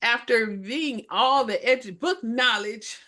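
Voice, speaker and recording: A middle-aged woman telling stories with a bright, forceful tone. She co-hosts a casual chat and acts out the people in her stories with lively character voices. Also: fairly high pitch, takes it slowly. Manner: animated storyteller who acts out voices. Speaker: co-host and minister.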